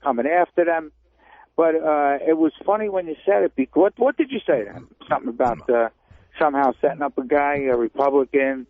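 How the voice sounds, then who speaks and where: A male caller phones into a talk show and halts often, filling pauses with hesitations. His voice is gravelly with a slightly raised pitch. It comes through a thin, tinny phone line. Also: slight background noise. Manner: hesitant, halting, many fillers. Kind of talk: phone-in chat.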